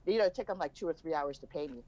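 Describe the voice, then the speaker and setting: A woman's voice: deep voice, rapid-fire, muffled recording, very noisy. A middle-aged woman, a guest on a podcast, telling a story casually and acting out the voices she quotes. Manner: animated, acts out quoted voices. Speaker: podcast guest, a host's mother.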